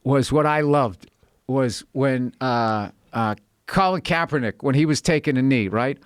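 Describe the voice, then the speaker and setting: A man who is a guest comedian, ranting in casual podcast chat, animated and profane, and slipping into mocking voices. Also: medium pitch, a little slow, clean tone, no echo, clean studio sound.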